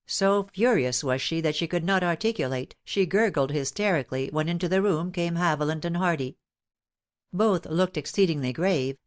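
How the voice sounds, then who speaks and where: A woman narrating an audiobook in a steady, even reading voice. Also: deep voice. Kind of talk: scripted narration.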